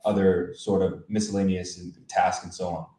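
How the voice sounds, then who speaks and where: A man's voice: deep voice, level tone, normal speed, dark tone. A man hosting a podcast, asking long, winding questions that circle back on themselves. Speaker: podcast host. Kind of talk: interview questions. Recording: roomy sound from far off the mic.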